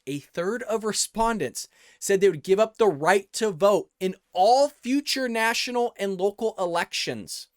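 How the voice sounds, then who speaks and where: Earnest male vlog host from the US, slightly high voice, dry close recording. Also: no echo. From United States. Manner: earnest, repeats words and restarts, addresses viewers as folks. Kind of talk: political commentary vlog.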